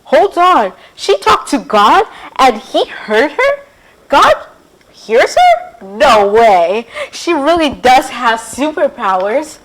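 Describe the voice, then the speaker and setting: A woman's voice: sits high, lively intonation, measured pace, slight background noise, rough recording. A woman voicing an eager, wide-eyed young girl in a storybook reading. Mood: excited. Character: curious excitable young girl.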